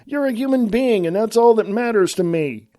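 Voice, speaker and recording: A middle-aged man from California speaks bluntly and with strong opinions, talking straight to his viewers. His voice sits slightly high and sounds mellow and relaxed. The recording is dry and close. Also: normal speed, no echo. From California, USA. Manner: blunt, opinionated, addresses listeners as folks. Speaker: online commentator. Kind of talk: casual political rant to camera.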